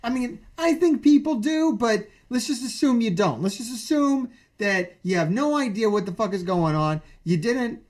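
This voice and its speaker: A man streaming, ranting about a wrestling show in a profane, excitable way, full of incredulous questions. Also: very high voice, moderate pace, hardly any pauses.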